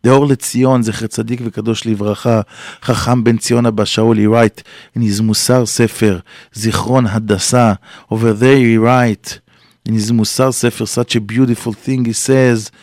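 A man giving a Torah class as a rabbi, telling stories with lively acted quotes and grammar. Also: medium pitch, normal speed, no echo, clean studio sound. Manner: animated storytelling with acted quotes, non-native English grammar.

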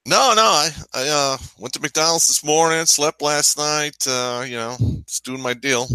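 A man's voice: fairly high pitch, a little slow, sharp tone, smooth, no echo, poor audio. A man joining a casual chat as a guest over a video call, easygoing and offhand.

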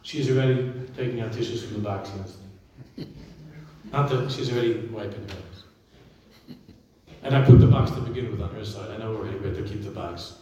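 A man, a rabbi, giving a sermon full of stories, swinging from loud emphasis to quiet asides. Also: fairly low pitch, normal speed, long pauses, slight background noise. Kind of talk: sermon with storytelling. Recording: echoey hall, speaker far from mic.

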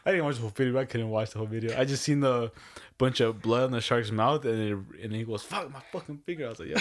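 A young man fires off quick, slangy banter and keeps calling his friend dog and bro. His pitch sits in the middle, and the whole thing runs at a fast clip. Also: fairly even intonation. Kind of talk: casual chat.

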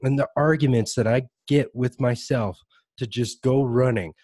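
A man's voice: mid-range voice, normal speed, a little mellow, dry recording. A man hosting a casual podcast chat, talking animatedly and laughing often as he acts out little voices. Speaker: podcast host.

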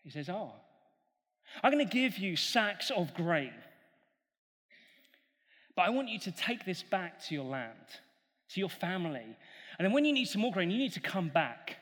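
High-voiced preacher in a reverberant hall. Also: male voice, moderate pace, long pauses. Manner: animated, acts out the characters' voices. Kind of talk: sermon storytelling.

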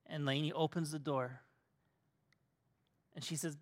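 A middle-aged male pastor preaching a sermon, telling a family story and swinging from loud emphasis to soft, hushed tones. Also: on the high side, slow pace, pauses often. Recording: long hall reverb.

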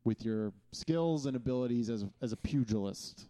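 Male co-host, mellow tone, steady and argumentative. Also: medium pitch, moderate pace. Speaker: podcast co-host. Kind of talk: casual chat.

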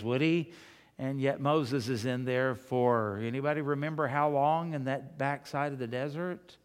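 A man's voice: mid-range voice, normal speed, clean tone, in a large hall. A male pastor giving a sermon in a folksy, chatty way, telling homespun stories and joking with the congregation.

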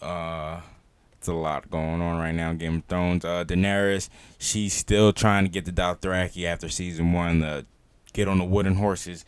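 A man with a very low voice hosts a casual podcast chat. He sounds relaxed and laughs easily, and the recording is dry and close. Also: normal speed, clear, resonant tone, no echo. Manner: relaxed, steers the talk between topics, laughs often. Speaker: podcast host.

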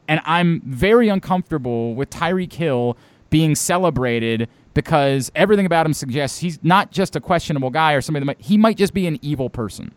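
A man's voice: a little high, dry recording. A man in his thirties from Baltimore, co-hosting a casual podcast chat, talking bluntly and emphatically with some swearing.

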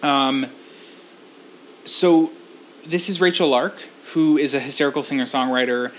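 A woman's voice: extremely low pitch, slight background noise. A woman co-hosting a comedy podcast who chats casually and agreeably and introduces the segments. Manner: easygoing, agreeable, quick to laugh along. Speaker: podcast co-host. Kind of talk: casual chat.

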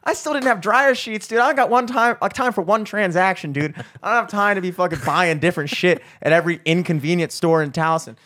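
A man's voice: sits high, a little fast, hardly any pauses. A young man, telling a rambling, profane story in casual podcast chat and acting out the people in it. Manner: rambling, profane, animated, acts out voices.

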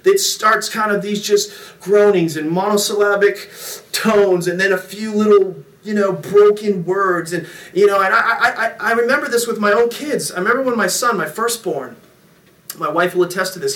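Middle-aged guy preaching, high bright voice, jokey storyteller, echoey room a ways off the mic. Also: distant mic. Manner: storytelling, jokey, animated with impressions. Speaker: pastor. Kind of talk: sermon.

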